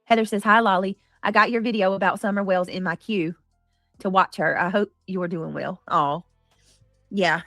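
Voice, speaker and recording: A woman hosting a casual livestream, greeting viewers by name and cheering gifts with excited squeals. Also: mid-range voice, normal speed, no echo, studio quality, soft background music. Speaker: livestream host.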